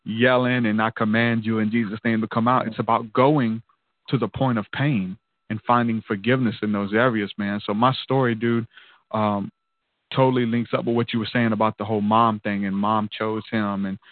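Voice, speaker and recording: A man's voice: medium pitch, no room sound. A man casually telling a personal testimony in an earnest, loose way, peppered with "man" and "dude". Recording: tinny phone-like line, dry.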